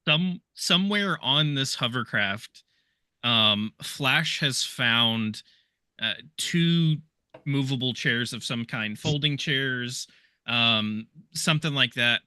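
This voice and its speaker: A man playing a tabletop game, slowly and hesitantly describing his character's antics with many "um"s. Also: mid-range voice, pushed and bright, smooth, no room sound. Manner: slow, hesitant, lots of "um". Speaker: tabletop player. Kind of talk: casual tabletop role-play.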